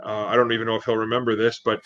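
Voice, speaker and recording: A man with a lowish voice races along in a completely flat delivery, with crowd noise behind him. As a sports talk show co-host, he chats casually and tells rambling stories loaded with fillers, recorded in dull, dry lo-fi sound.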